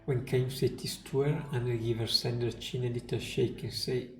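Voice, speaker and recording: A man streamer reading game story text aloud in a slow, somber way. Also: medium pitch, little pitch movement, darkish tone. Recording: roomy room, faint music.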